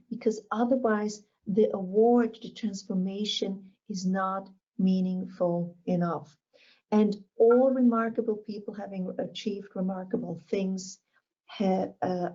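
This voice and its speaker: A woman's voice: medium pitch, mellow, lo-fi sound. A woman giving a motivational keynote talk, emphatic and repeating her key phrases. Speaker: motivational speaker.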